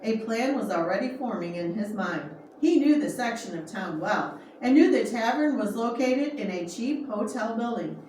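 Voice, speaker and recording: A woman reading a true story aloud as narrator, steady with small restarts. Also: fairly high pitch, moderate pace, few pauses. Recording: echoey room, far from mic, faint noise.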